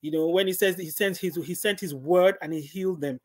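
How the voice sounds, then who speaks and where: A woman's voice: fairly low pitch, a little fast, husky. A middle-aged woman, a guest, gives an earnest personal faith testimony and repeats phrases for emphasis.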